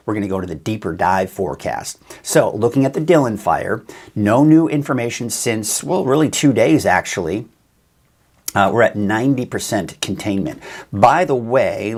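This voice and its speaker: A man hosting a weather forecast show, with a conversational style and some fillers and self-corrections. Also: fairly low pitch. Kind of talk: casual weather forecast talk.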